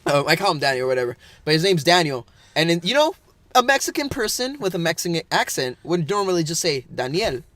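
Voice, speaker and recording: A man's voice: fairly high pitch, big pitch swings, fast talker, pushed and bright, no room sound. A man, a podcast co-host, telling a rambling story in casual chat with lots of fillers and bursts of laughter.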